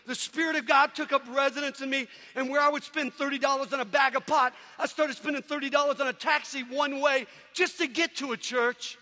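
A man giving an energetic sermon testimony to a crowd, animated and often shouting. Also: very high-pitched, fairly quick, hardly any pauses. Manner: animated, shouting, mimicking people. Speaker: preacher. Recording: long hall reverb.

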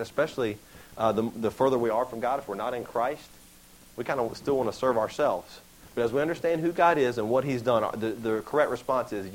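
A young man preaching a sermon in a casual, animated way, acting out the voices he quotes. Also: mid-range voice, poor audio. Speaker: pastor.

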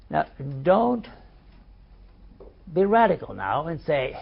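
A man preaching a sermon, swinging between loud emphasis and quiet asides. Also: fairly high pitch, wildly swooping pitch, measured pace, gravelly, breathy edge, dull audio.

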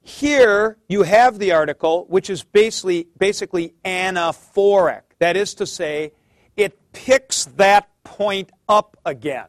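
A man's voice: sits high, a little slow, no room sound, studio quality. A man teaching a class, explaining patiently, calling on students by name and thinking aloud as he goes. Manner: thinks aloud with fillers and restarts. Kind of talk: classroom lecture.

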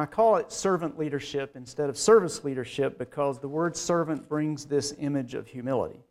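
A man's voice: mid-range voice, darkish tone. A man with a Southern US accent, from North Carolina, giving a keynote speech. He tells self-deprecating, humorous stories in a folksy way. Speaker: keynote speaker.

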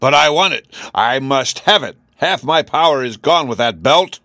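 A man reading an audiobook voices a furious, bellowing male gnome king who shouts his commands. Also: fairly low pitch, animated, normal speed, no echo, studio quality, lightly acted. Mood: roaring.

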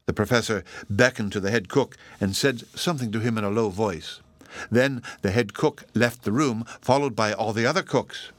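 A man narrating a story in a measured audiobook reading. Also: no echo. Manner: measured storytelling with lively pitch.

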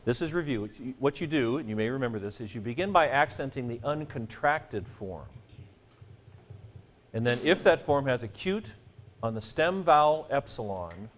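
A man's voice: medium pitch, animated, moderate pace, a little hiss or hum. A man teaching a seminary Greek grammar class, joking and chanting mnemonics for his students. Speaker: Greek professor.

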